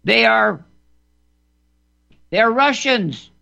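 Guy ranting about politics, high bright voice, keeps repeating himself, kinda dull lo-fi audio. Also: expressive, drawn-out words, vocal fry. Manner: emphatic, repeats words and restarts phrases. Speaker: political commentator. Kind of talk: political monologue. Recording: dull lo-fi recording.

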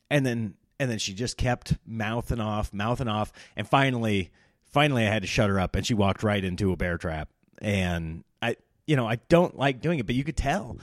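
A man spins a casual comedy story as a podcast host, animated and sarcastic, sometimes exasperated. His voice sits at an ordinary middle pitch and is recorded dry and close, with no room sound. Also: no echo.

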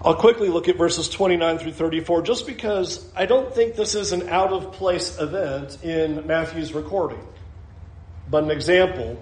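A man's voice: high-pitched, darkish tone, reverberant. A male pastor preaching a sermon, asking rhetorical questions and acting out the voices of people in the story.

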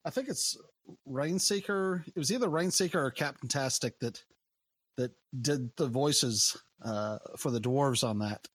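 A man chatting casually about games in a relaxed, rambling way that trails off. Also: medium pitch, unhurried, husky, no echo. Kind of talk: casual chat.

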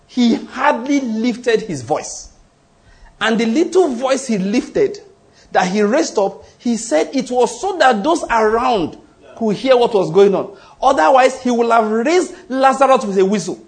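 Male preacher, high and lively voice, emphatic sermon delivery with repetition. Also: moderate pace. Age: adult, goes to the gym. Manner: animated, emphatic, repeats for emphasis.

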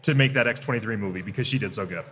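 A man's voice: fairly low pitch, rapid-fire, a bit bright, slight background noise. A man co-hosting a podcast live at a comic convention, steering the chat with stammering restarts. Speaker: podcast co-host.

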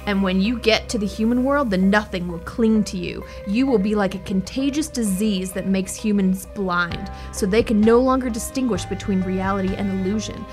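A woman reading aloud as a cruel, menacing male werewolf, speaking slowly and tauntingly. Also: medium pitch, a little mellow, faint music behind, natural voice.

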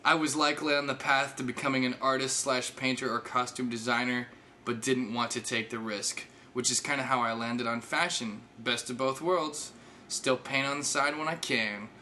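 A man's voice: mid-range voice, fairly even intonation, normal speed, sharp tone, a little hiss or hum, natural voice. A man voicing a sarcastic young woman texting on a dating app, with a dry, teasing delivery.

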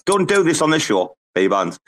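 A man's voice: a little high, sing-song, normal speed, background noise. A man hosting a casual chat, joking around and swearing freely. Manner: loose, swearing, joking banter. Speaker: host.

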